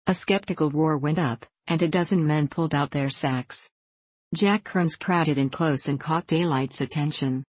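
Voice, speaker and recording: Low-voiced woman narrating a story. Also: normal speed, breathy edge, no echo. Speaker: audiobook narrator. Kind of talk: scripted narration.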